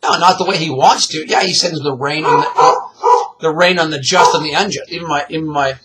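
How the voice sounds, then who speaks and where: A middle-aged man giving rambling, animated religious commentary, full of fillers and chuckles. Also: fairly high pitch, fairly quick, heavy background noise. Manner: animated, rambling, laughs often, frequent fillers.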